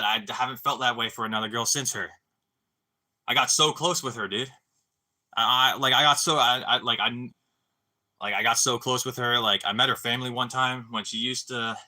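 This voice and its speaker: A young man talks casually to a live stream audience with a very bright, forward voice. He rambles through a story, stumbles over restarts, swears freely and drops "dude" and "bro" into nearly every line. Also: medium pitch. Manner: stammering restarts.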